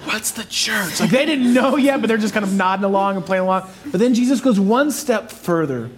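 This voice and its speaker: A man preaching a sermon as pastor, emphatic and animated, with playful asides to his listeners. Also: high-pitched, fairly quick, slight background noise.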